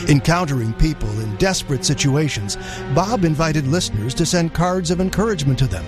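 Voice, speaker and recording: A man's voice: fairly high pitch, expressive, fairly quick, over music. A man narrating a scripted tribute segment for the radio.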